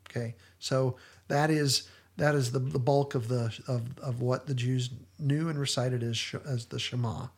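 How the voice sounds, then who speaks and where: A man's voice: medium pitch, steady tone, moderate pace, hardly any pauses, breathy edge. A man hosting a podcast, retelling scenes in an earnest, enthusiastic casual discussion. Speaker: podcast host.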